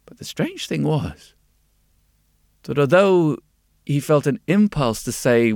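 A male storyteller reading a fairy tale gently and very slowly. His slightly high voice has a gravelly edge, and the recording is close and dry. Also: lively intonation, dry recording. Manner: gentle, unhurried, repeats words for effect. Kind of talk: bedtime-story narration.

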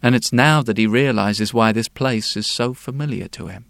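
A man telling a fairy tale in a hushed, repetitive, lulling way. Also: mid-range voice, normal speed, gravelly, dry recording. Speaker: storyteller. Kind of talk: slow fairy-tale storytelling.

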